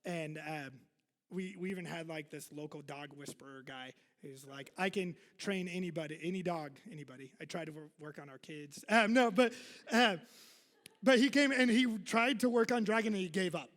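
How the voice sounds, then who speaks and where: A man's voice: high voice, moderate pace, fairly bright tone, long reverb tail. A male pastor giving a casual sermon to his congregation, chatty and self-deprecating, full of fillers and asides. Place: church hall.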